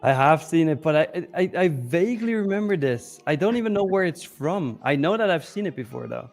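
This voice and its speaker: Joking male co-host, voice a bit high, quick bursts of chatter, faint music behind. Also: lively intonation, vocal fry, a little mellow. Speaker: co-host of live trading stream. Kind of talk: casual chat.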